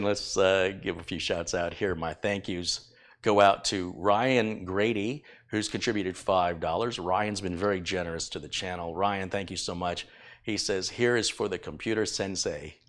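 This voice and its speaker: Deep-voiced rambling man on a live stream. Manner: rambling, self-deprecating, chuckles often. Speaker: tech YouTuber reading donations. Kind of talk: casual live-stream chat.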